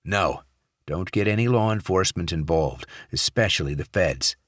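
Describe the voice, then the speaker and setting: A male audiobook narrator voicing a gruff, impatient handler who gives clipped, insistent orders. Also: low voice, expressive, normal speed, fairly bright tone, dry recording, clean studio sound. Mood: curt. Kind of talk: audiobook character voice.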